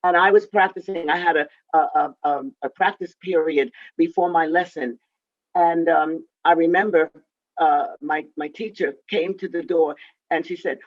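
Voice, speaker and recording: A woman in her eighties telling a story from her youth in a halting way, with many restarts and fillers. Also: low-pitched. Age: 80s. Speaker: interviewed composer and pianist. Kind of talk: reminiscing storytelling. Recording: dull, dry lo-fi sound.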